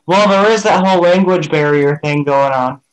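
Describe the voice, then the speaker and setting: A man's voice: on the high side, moderate pace, poor audio. A man chatting casually on a group stream, rambling and hedging with lots of ums.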